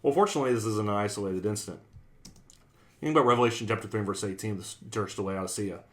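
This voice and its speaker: A man's voice: lowish voice, racing, a bit bright. A man preaching in a conversational Bible class style, earnest, repeating his phrases and acting out quoted sayings.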